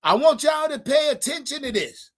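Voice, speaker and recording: A man's voice: extremely high pitch, moderate pace. A man hosting a live sports stream, chatting casually and profanely with his viewers. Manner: profane, animated, addresses chat directly.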